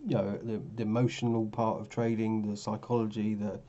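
Speaking briskly in a flat, mellow voice on the low side, the forex vlogger casually talks through his charts, sounding tired and often rambling or backtracking. The sound is lo-fi, fitting the loose screen-share format.

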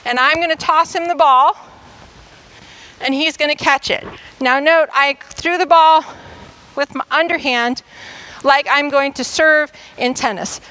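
A woman's voice: high voice, measured pace, bright, forceful tone, poor audio. A woman coach demonstrating tennis drills for a class in a school gym, explaining each step and checking in often. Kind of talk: instructional demonstration.

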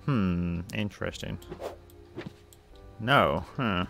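A man's voice: low-pitched, very slow, vocal fry, a bit bright. A man giving casual, chatty commentary while playing a video game, muttering his reactions. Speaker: gameplay streamer. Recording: faint game music behind.

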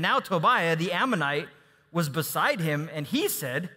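A man pastor preaching a sermon in a conversational, animated manner. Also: on the high side, measured pace. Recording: long hall reverb.

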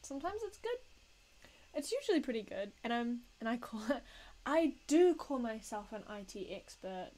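A woman's voice: on the high side, very animated, normal speed, warm tone, low-quality recording. A woman casually chatting and joking at her own expense while she draws on a live stream. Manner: self-mocking, joking, laughs often.

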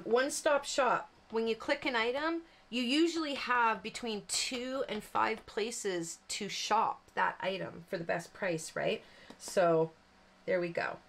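A woman hosting a card-making tutorial, chatting casually and rambling with lots of fillers as she works. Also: fairly high pitch. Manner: chatty, rambling, self-deprecating with frequent fillers. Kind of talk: casual crafting demonstration.

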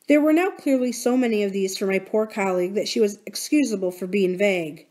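A woman reading a novel aloud for a library series, with measured, deliberate narration. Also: mid-range voice, darkish tone. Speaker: library reader.

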